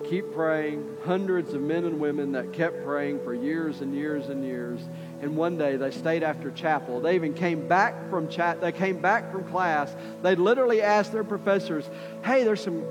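A man preaching a sermon with passion, repeating phrases for emphasis and acting out voices from the story. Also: high-pitched. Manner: impassioned, repetitive, acts out quoted voices. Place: church sanctuary. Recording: reverberant hall with faint music.

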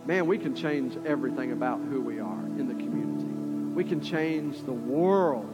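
Faint music and a reverberant hall surround this recording of a sermon in a church sanctuary. The preacher, a man with a mid-range voice and moderate pace, speaks with passion, repeats phrases for emphasis, and performs the voices of people in the story.

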